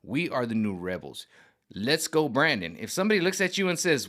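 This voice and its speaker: A man rambling to camera in an animated, slangy vlog monologue. He repeats himself, restarts sentences and trails off. His voice sits at an ordinary middle pitch for a man. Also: brisk. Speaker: vlogger.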